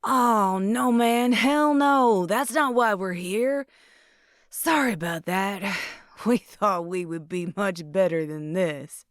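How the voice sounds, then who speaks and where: Brief: woman reading as a breezy American guy, jokey and relaxed, dry close sound. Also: fairly low pitch, slow, no room sound. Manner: jokey, laid-back. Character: joking easygoing American man.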